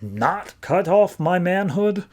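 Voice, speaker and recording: A man's voice: sits high, very animated, slow pace, a little mellow, voice pushed up, heavily acted. A man voicing a nervous, pleading captive butler in a comic retelling.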